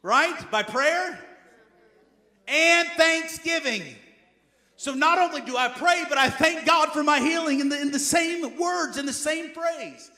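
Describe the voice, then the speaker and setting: A man preaching a sermon as pastor, emphatic, repeating key phrases and swinging between loud urging and quiet asides. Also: extremely high pitch, unhurried.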